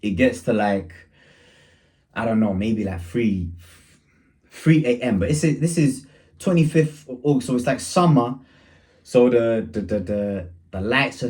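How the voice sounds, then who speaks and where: Young man, casual slangy storyteller, mellow warm tone. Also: medium pitch. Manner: slangy, rambling, laughs while telling.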